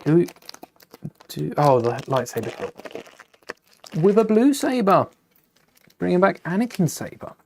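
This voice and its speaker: A man's voice: sits high, very animated, a little slow, vocal fry, pauses often, a little mellow, a little hiss or hum. A young man hosting a casual live stream, chatting and thinking aloud while building, often correcting himself mid-sentence.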